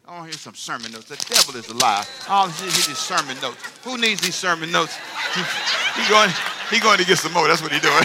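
A man preaching a sermon as pastor, playful and animated, drawing the congregation into call-and-response. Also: sits high, brisk, background noise.

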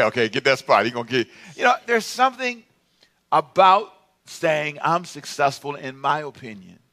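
A man's voice: a little high, pushed and bright. A middle-aged male pastor preaching a sermon in a humorous, playful way, drawing responses from the congregation.

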